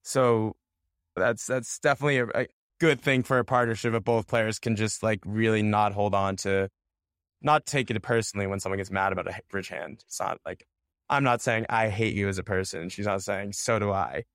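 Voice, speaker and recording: A man's voice: lowish voice, fairly even intonation, moderate pace, fairly bright tone, dry recording, clean studio sound. A young man from the United States, a bridge player answering interview questions in a loose, candid way with plenty of fillers and restarts.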